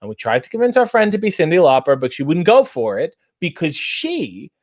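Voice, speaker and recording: A man in his thirties, hosting a casual chat and reading out viewer comments with wry, animated delivery. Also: on the high side, fairly quick. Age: 30s. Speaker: host.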